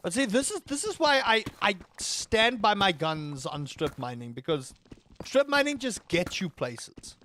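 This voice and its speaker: A man's voice: sits high, a bit bright. A man streaming a game with casual, chatty commentary, joking and swearing freely as he talks to his viewers. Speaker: gaming streamer.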